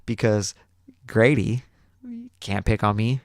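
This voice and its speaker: A man hosting a podcast, telling a long story in a profane, repetitive, animated way. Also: lowish voice, a little fast, creaky, no room sound, studio quality. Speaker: podcast host. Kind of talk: casual storytelling monologue.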